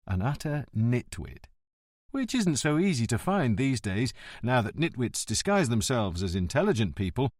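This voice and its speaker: A male audiobook narrator reads a mystery in a wry, expressive way. His voice moves up and down a lot and sits at an average pitch. The recording is dry and close to the mic. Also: normal speed, no echo. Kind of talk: scripted narration.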